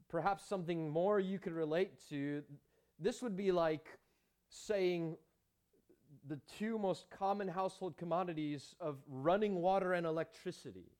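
A pastor preaches emphatically, using rhetorical questions and chatty asides to the congregation. His voice is a little high, with a darkish tone.

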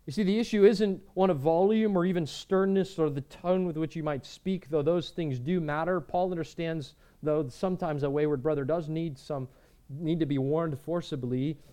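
An earnest male pastor delivering a sermon in a slightly higher voice. He presses his points with repeated words and moves between emphatic lines and quiet, measured ones.

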